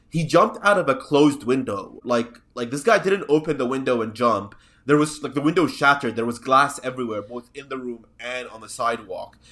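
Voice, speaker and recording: A man's voice: mid-range voice, fairly bright tone. A man hosting a podcast in casual chat, sardonic and rambling. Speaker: podcast host.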